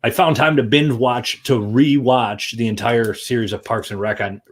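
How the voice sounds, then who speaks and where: A man's voice: medium pitch, steady tone, normal speed. A man hosting a casual livestream chat, joking and often repeating words as he restarts. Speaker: show host.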